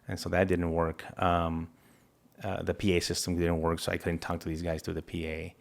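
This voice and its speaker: Interview guest: man, very low voice, monotone delivery, earnest halting storytelling. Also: vocal fry. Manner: earnest, halting retelling with restarts and quoted dialogue. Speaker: interview guest, federal agent. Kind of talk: personal account in an interview.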